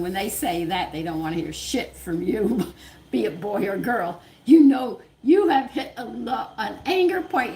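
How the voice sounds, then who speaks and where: An older woman with a Southern US accent, a cooking channel host, telling a home story in casual, animated talk and laughing often. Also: mid-range voice. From American South. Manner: animated, laughs often, swings loud and quiet.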